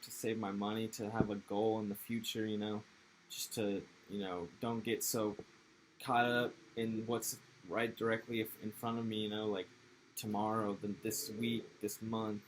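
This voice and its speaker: A young man from Texas with an American accent talks in a rambling, laid-back way, full of casual slang and swearing. His voice sits low and barely moves in pitch. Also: a little hiss or hum, rough recording. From Texas, USA. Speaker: interviewee. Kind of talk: casual interview chat.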